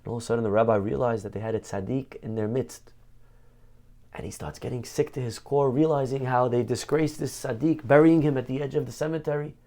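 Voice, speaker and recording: A rabbi teaches a Torah class by telling a story dramatically, slowing down and raising his voice at its emotional peaks. His mid-range voice is steady and warm.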